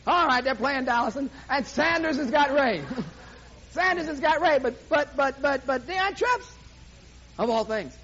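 Guy giving a sermon, really high voice, animated play-by-play storytelling, muffled old recording. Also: measured pace. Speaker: preacher. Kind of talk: sermon with sports illustration. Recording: dull lo-fi recording, faint hiss.

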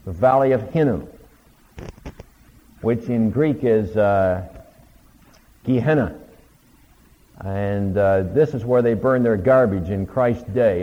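A man with a low voice teaches a Bible class in an easy, conversational way, retelling the stories and acting out bits of dialogue. The recording is dull and lo-fi, with a long reverb trailing off in a big room.

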